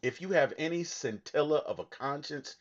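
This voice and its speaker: Male co-host, earnest and emphatic, lively pitch, dull lo-fi audio. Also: normal speed. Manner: earnest, emphatic, with frequent restarts. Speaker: movie podcast co-host. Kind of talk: casual movie discussion.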